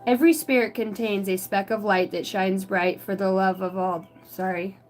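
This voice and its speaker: A woman's voice: medium pitch, fairly even intonation, normal speed, low-quality recording. A woman giving an intuitive oracle card reading. She reads card text aloud and breaks into emotional, casual asides that include swearing. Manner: emotional, earnest. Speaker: psychic card reader.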